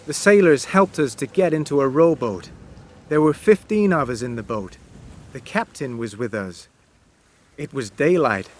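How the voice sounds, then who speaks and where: Guy reading a story aloud for english learners, real slow, voice goes up and down a lot, kinda high. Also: a little hiss or hum. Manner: slow, clear, expressive reading. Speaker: audiobook narrator.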